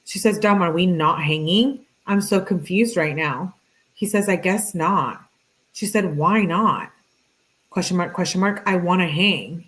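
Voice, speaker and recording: Woman reading text messages aloud. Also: low-quality recording. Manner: flat reading voice, pitch lifts for the girl's texts. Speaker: true crime commentator.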